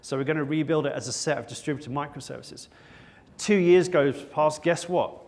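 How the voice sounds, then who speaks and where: A man's voice: fairly high pitch, normal speed, darkish tone. A man giving a conference talk to an audience, wry and joking at his own expense. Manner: wry, with self-mocking jokes. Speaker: conference speaker. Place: conference stage before an audience.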